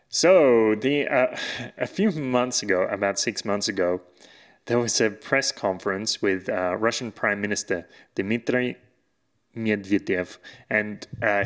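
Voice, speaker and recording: A man's voice: fairly low pitch, fairly bright tone. Chatty man telling a story. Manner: storytelling, laughs often. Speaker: podcast co-host. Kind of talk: casual chat.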